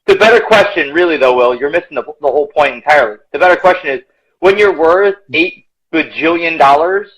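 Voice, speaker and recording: A man's voice: a little high, animated, fairly quick, fairly bright tone, poor audio. A man co-hosting a live podcast in casual chat, joking and sarcastic. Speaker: podcast co-host.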